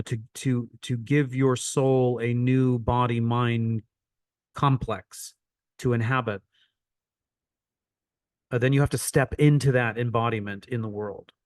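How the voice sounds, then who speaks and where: A man's voice: mid-range voice, a little mellow, no echo, studio quality. A man coaching an online teaching session, repeating phrases for emphasis as he explains.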